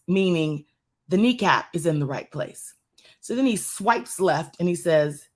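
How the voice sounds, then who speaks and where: A woman's voice: on the low side, expressive, unhurried, a little mellow. A woman sharing a personal story with a congregation in a conversational way, repeating phrases for emphasis and drawing the listeners in. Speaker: church speaker.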